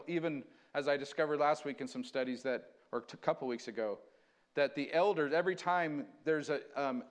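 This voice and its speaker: A man preaching a sermon, switching between earnest conversational teaching and slow, dramatic scripture reading. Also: medium pitch. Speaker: pastor.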